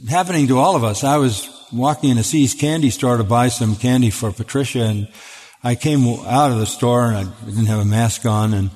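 Older man, pastor, question-and-answer sermon, earnest, emphatic, repeats openings, middle pitch, long hall reverb. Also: normal speed, darkish tone. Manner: earnest, emphatic, repeats words when starting. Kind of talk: sermon-style Q&A talk. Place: church auditorium.

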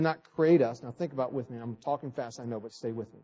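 A man preaching a sermon at a fast clip, stumbling over repeated words and swinging from loud emphasis to quiet asides. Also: mid-range voice. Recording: dull lo-fi recording.

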